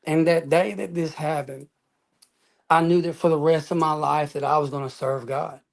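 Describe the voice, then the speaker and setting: A man's voice: a little high, steady tone, normal speed, creaky. A man telling his personal testimony as an interview guest, earnest and emphatic, often adding "man" and "y'all".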